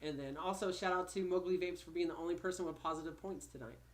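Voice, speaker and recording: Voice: mid-range voice, fast talker, a little hiss or hum. A host of a casual podcast reading out live chat messages in an easygoing way. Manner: easygoing, greeting viewers by name.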